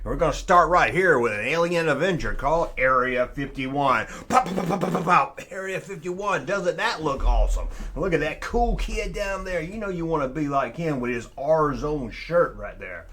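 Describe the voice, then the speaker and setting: A man's voice: on the high side, lively intonation, normal speed, hardly any pauses, background noise. A man with a somewhat raised voice that swings widely up and down as he talks. He grumbles and jokes sarcastically, swearing now and then in an offhand way. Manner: snarky, grumbling, swears casually. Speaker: host reviewing old toys. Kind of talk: casual sarcastic commentary.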